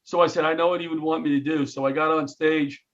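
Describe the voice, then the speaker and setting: Animated storytelling man, high voice. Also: quick pace, lo-fi sound. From New York. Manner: animated, jokey storyteller who acts out quotes. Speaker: comedian and retired firefighter, guest. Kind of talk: storytelling interview.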